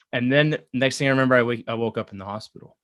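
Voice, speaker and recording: A man in his thirties telling a personal story in an earnest, halting way, with many fillers and restarts. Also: mid-range voice, a bit bright, no room sound. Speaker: guest. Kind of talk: casual storytelling.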